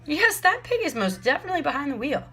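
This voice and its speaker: A woman doing a pompous storybook policeman, earnest and formal, bellowing orders through a bullhorn. Gravelly tone, faint music underneath. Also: high voice, big pitch swings, fast, voice pushed up, full character voice. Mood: commanding. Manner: formal, loud bullhorn commands. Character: self-important male police officer, earnest and formal.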